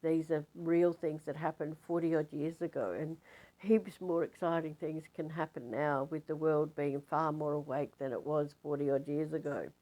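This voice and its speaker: Older woman, spiritual teacher, deep voice, rambling animated anecdote with fillers. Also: normal speed, low-quality recording. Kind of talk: casual storytelling.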